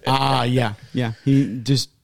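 Casting note: gravelly male podcast co-host, lively swearing storyteller, mid pitch. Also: takes it slowly. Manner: animated storyteller, laughs and swears. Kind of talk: casual chat.

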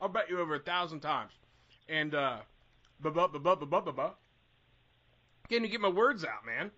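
High-voiced hyped-up podcast host man. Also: big pitch swings, quick pace, sharp tone, dull audio. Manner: hyped-up, prone to rants. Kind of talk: casual podcast banter.

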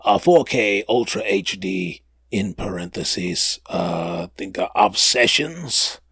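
A man's voice: low voice, expressive, takes it slowly, creaky, a bit bright, breathy edge, no echo. A man hosting a casual podcast, rambling and slangy, with many fillers and restarts. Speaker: podcast host. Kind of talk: casual chat.

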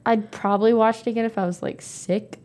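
A woman's voice: fairly high pitch, steady tone, brisk, darkish tone. A woman co-hosting a casual movie review podcast, blunt and dry, with many filler likes. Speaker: podcast co-host. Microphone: podcast microphone with headphones.

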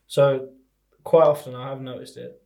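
A man co-hosting a casual chat, giving quick comebacks and laughing easily. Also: medium pitch, level tone, gravelly, warm tone.

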